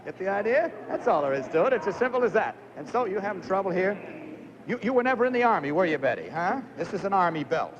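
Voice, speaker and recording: A man's voice: sits high, sing-song, fast, a little hiss or hum. A man hosting a live TV game show, chatty and jokey as he coaxes contestants through stunts. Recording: muffled 1950s TV broadcast audio.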